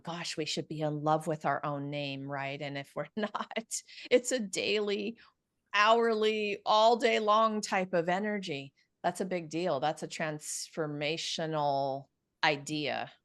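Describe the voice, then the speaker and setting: A woman's voice: deep voice, clean tone, no echo, studio quality. A woman hosting a casual panel discussion over a video call, talking with enthusiasm, riffing freely with frequent fillers. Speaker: host.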